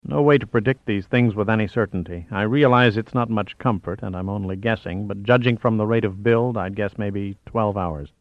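A man's voice: fairly low pitch, moderate pace, hardly any pauses, no room sound, highs cut off, lightly acted. A man voicing a gloomy, hesitant male seismologist who sounds worried. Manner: dismal, hesitant.

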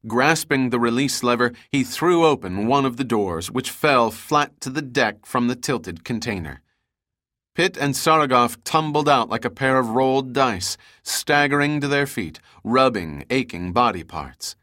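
Forceful male audiobook narrator. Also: medium pitch, measured pace, no room sound, studio quality. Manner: steady dramatic storytelling. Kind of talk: scripted action narration.

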